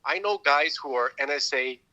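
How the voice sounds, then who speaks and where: A male podcast host with a strikingly bright, forceful tone. He explains religious ideas in casual conversation, rambling and restarting his sentences often. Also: a little high, moderate pace, poor audio.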